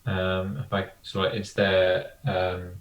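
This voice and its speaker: Male tabletop player, very low voice, tentative; distant mic in an echoey room. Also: completely flat delivery, slow pace, slight background noise. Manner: tentative, thinking aloud. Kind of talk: tabletop game play.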